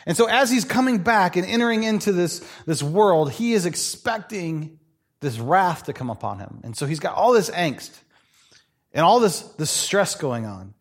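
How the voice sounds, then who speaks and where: A male pastor preaching a sermon in a conversational, animated way, telling stories with playful asides. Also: high-pitched, normal speed.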